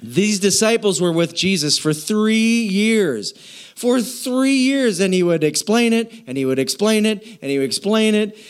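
A man's voice: high voice, animated, measured pace, smooth. A man preaching a sermon as pastor, playful, repeating phrases to draw responses from the congregation.

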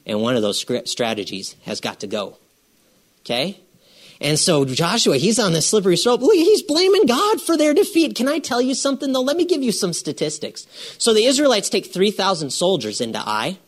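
Guy preaching, high voice that bounces all over, chatty, keeps asking the crowd stuff. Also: moderate pace. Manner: animated, conversational, asks the congregation questions; repeats phrases for emphasis. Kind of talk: sermon.

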